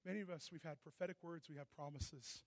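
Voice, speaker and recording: A man preaching a sermon into a handheld mic, telling stories with animated energy and frequent laughter. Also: on the high side, dry recording. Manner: animated storytelling, bursts of laughter.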